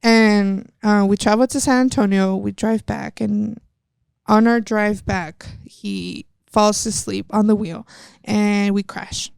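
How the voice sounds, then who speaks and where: A young woman from Texas, a wrestler, tells her own story in a candid interview. Her voice has a gravelly fry and sits at an ordinary pitch. She is recorded close and dry, with no room sound. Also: steady tone, slow pace, darkish tone, dry recording. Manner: earnest, retelling events step by step. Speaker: guest, professional wrestler.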